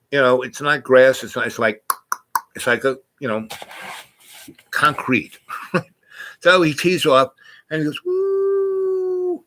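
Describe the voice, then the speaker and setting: A man's voice: medium pitch, sharp tone, a little hiss or hum, poor audio. A man telling a personal story in a casual, rambling way, often restarting his sentences and at times sounding close to tears. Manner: rambling, digressive, with many restarts; emotional, near tears at times.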